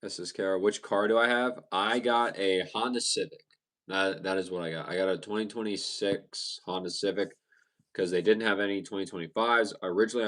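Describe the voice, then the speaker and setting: A young man hosting a livestream, casually chatting with viewers and answering their comments in a relaxed way, often stumbling and restarting his sentences. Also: low voice. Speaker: livestream host. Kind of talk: casual live chat reading viewer comments.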